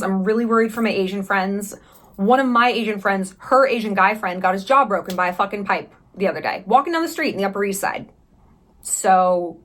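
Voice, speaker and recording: A woman in her thirties from the United States, chatting candidly in a travel vlog, sarcastic and quick with profane asides. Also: mid-range voice. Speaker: vlogger. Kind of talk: casual travel vlog chat.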